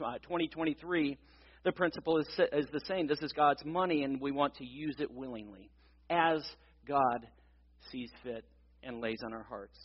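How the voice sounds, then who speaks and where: A man's voice: a little high, in a large hall, muffled recording. A man preaching a sermon in a church, reading scripture aloud and then teaching earnestly, repeating key phrases for emphasis. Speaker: pastor. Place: church sanctuary.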